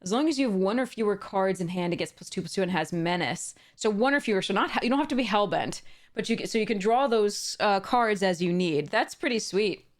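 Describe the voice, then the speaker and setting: A woman's voice: medium pitch, animated, brisk. A woman hosting a casual box-opening video, reading card text aloud, chuckling often and restarting her sentences. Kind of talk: casual unboxing narration.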